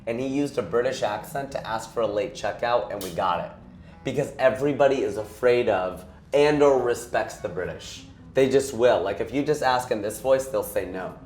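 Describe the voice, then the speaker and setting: A man's voice: mid-range voice, moderate pace, a little mellow, echoey room, soft background music. A man hosting an interview, chatty and jokey, rambling through questions and stories. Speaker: host, comedian. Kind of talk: casual interview chat.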